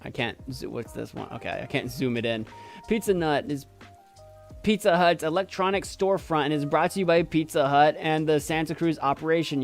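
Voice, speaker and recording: A man streaming, reading on-screen text aloud and adding wry, amused asides. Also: a little high.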